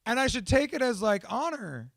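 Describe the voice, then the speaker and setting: A young man hosting a podcast, talking in a casual, profane, animated and self-mocking monologue. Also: extremely high pitch, normal speed, vocal fry, no room sound, studio quality. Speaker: podcast host.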